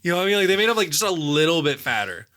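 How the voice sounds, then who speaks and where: A man's voice: a little high, very fast. A young man co-hosting a podcast, rambling through stories in casual, profane chat. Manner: rambling, profane, animated storytelling. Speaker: podcast co-host.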